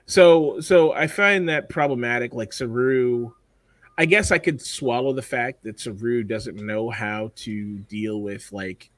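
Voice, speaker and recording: A man co-hosting a podcast talks in loose, rambling casual chat, blunt and heavy on profanity. His voice sits in a middling pitch. The sound is dry and close, with no room around it. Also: unhurried, no room sound. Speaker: podcast co-host.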